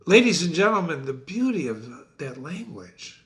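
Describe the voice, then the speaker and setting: A man's voice: on the high side, big pitch swings, normal speed, a bit bright. A man teaching a play, who keeps turning to the listener with questions and rephrases quotes in plain words. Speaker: literature teacher. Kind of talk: lecture on a play.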